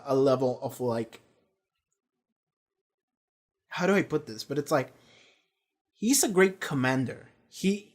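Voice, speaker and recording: A young man giving a casual, rambling spoken review, swearing freely and acting out quotes. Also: on the high side. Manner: rambling and profane, acts out quotes. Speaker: reaction video host.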